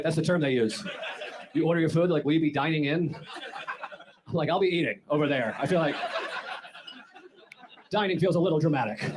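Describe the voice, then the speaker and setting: A man from the United States doing a stand-up comedy set on stage with a handheld mic, telling exasperated, sarcastic stories. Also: on the high side. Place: comedy club stage before a laughing audience. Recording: live audience noise throughout.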